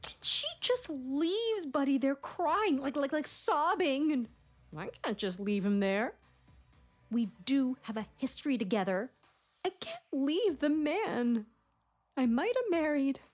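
A young woman with a high voice performs a theatrical monologue, spilling out words in quick, stammering, comic teenage chatter. Faint music plays underneath her. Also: animated. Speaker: stage performer of a one-woman play.

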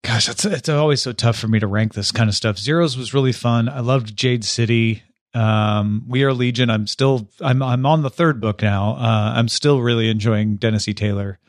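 A man's voice: mid-range voice, moderate pace, no room sound, clean studio sound. A man co-hosting a podcast in easygoing, agreeable casual chat. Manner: easygoing, agreeable, many "yeah"s. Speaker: podcast co-host.

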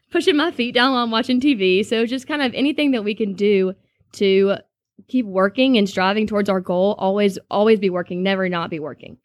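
Casting: young adult woman, earnest testimony talk, mid-pitched, dry recording. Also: no echo. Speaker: speaker sharing a personal testimony.

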